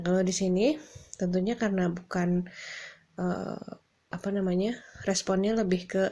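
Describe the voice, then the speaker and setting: A woman teaching an online English lesson, slow and hesitant with many fillers. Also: mid-range voice, vocal fry, warm tone. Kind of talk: online lesson explanation mixing Indonesian and English.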